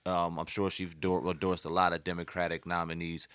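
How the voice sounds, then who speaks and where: A man's voice: sits low, little pitch movement, fairly quick, a bit bright, clear, resonant tone, dry recording, studio quality. A man hosting a hip hop news show, commenting in a loose, slangy, conversational way. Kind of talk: casual commentary.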